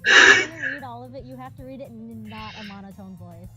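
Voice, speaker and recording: A woman chatting off to the side of a stream, teasing her friend. She talks fast, and her voice is very bright and sharp, with faint music playing behind her. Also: on the high side, poor audio. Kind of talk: casual chat.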